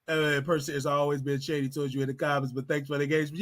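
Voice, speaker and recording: A man hosting a live call-in show, chatting in an animated, slangy way and laughing often. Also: on the high side, fairly quick. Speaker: show host.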